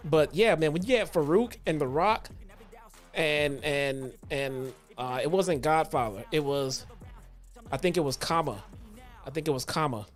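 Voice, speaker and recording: A man hosting a retro review show in a relaxed, profane way. He tells stories with growing animation, slipping in slang and restarts. Faint music plays in the background. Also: a little high. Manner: casual, profane, animated storytelling. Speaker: host. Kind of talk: casual retro wrestling review.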